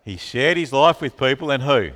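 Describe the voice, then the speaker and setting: Lively preacher man in a hall. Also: medium pitch, normal speed. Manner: animated, asks the room questions, calls on listeners by name. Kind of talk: sermon to a congregation. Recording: long reverb of a hall.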